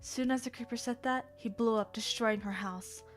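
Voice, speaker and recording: A young woman streamer with a fairly high voice reads fan fiction aloud on a livestream. She is theatrical and animated, breaking off for quick laughing asides, while faint music plays under her.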